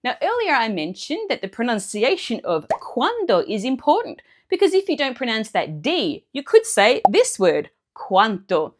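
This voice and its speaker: A woman teacher explaining Italian grammar clearly and step by step in a scripted lesson. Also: on the high side, wildly swooping pitch, normal speed, hardly any pauses.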